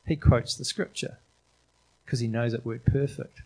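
A man's voice: mid-range voice, measured pace, gravelly, darkish tone, low-quality recording. A middle-aged man preaching an informal sermon in a chatty, enthusiastic way, often restarting his sentences. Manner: conversational, enthusiastic, frequent restarts and fillers.

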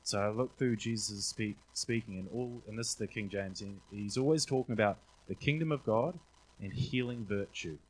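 A young man from a church casually shares faith testimonies, rambling with plenty of "um" and acting out the quotes he relays. His voice is fairly low and husky at a moderate pace, captured on a rough recording.

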